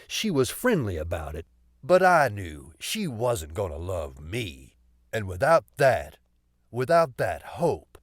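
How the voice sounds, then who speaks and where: A man reading an audiobook voices a weary, rueful middle-aged cop and former radical, speaking slowly and heavily. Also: fairly low pitch, dry recording, clean studio sound, exaggerated voice. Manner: slow, heavy, rueful. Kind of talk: audiobook character voice.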